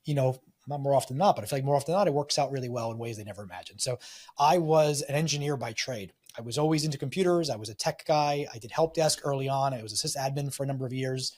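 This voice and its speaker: A man as a podcast guest, talking casually in an energetic, rambling way and briefly acting out the voices of people he quotes. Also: medium pitch, fast talker. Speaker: podcast guest, real estate investor and tech salesman. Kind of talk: casual storytelling interview.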